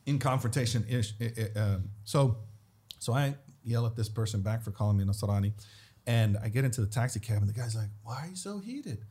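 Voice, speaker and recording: A man's voice: fairly low pitch, brisk, breathy edge. A man, a guest in a casual talk, telling stories and acting out the people in them. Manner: animated, acts out the people in his stories. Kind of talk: casual storytelling.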